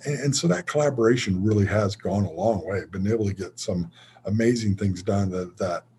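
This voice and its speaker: A man's voice: on the low side, a little fast, mellow, slight background noise. A middle-aged man, a college president, speaking candidly in an interview and telling stories with a self-deprecating humor. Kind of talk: interview conversation.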